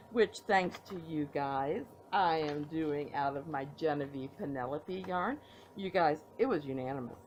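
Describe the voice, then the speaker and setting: A tired, yawning middle-aged woman rambles casually on her home knitting podcast, showing off projects with playful reveals in a show-and-tell chat. Her voice is low-pitched, and the tablet recording sounds dull with slight background noise.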